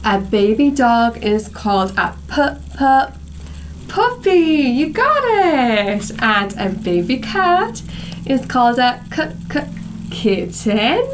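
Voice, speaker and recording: A young woman teaching English to small children, slowly reading a picture story and asking them questions. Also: sits high, a little hiss or hum. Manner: slow, sing-song and encouraging, with questions to the children. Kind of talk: slow storybook reading lesson for kids.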